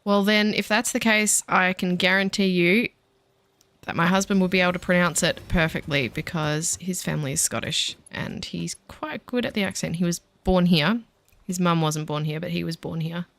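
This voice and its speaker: A woman's voice: on the low side, moderate pace, gravelly, fairly bright tone, no echo. Chatty woman streaming a game. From Australia. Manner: chatty, self-deprecating, talks to chat while building. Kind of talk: casual chat while gaming.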